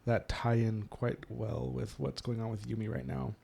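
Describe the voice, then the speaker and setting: A man's voice: lowish voice, moderate pace, vocal fry, breathy edge. A man co-hosting a book discussion podcast, casually retelling scenes and acting out the characters' lines. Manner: animated, retells scenes with quoted voices. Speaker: podcast co-host.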